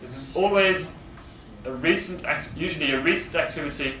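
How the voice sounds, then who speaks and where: A man with a slightly raised, a little high voice teaches grammar to a class at a moderate pace, patiently explaining and putting questions to the room. He is recorded from across an echoey classroom with steady noise behind him.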